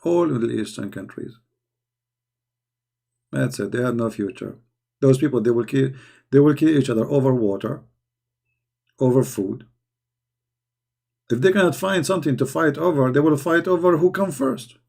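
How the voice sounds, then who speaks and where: A man's voice: medium pitch, moderate pace, vocal fry, long pauses, a little mellow. A man hosting a live chat, talking in a sarcastic, mocking way with broken grammar. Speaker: chat show host. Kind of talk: casual live-chat monologue.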